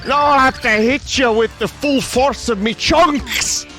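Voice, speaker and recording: A man voicing a blustering, burly, bearded male brute fighter in a put-on mix of Irish, Scottish and English accents, with a gravelly, boastful manner. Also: very high voice, unhurried, sharp tone, faint music behind, pitched above the performer's own voice, full character voice. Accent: mock Irish-Scottish-English mix. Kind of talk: reading game dialogue aloud.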